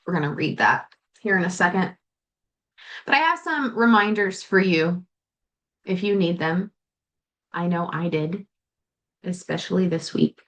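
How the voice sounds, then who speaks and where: Woman coaching host, lowish voice, frank and foul-mouthed, speaks straight to the listener, near tears at moments. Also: animated, a little slow, pauses often, a bit bright. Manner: candid and profane, swears freely, talks straight to the listener. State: tearful at times. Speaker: life coach and podcast host. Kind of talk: solo podcast monologue.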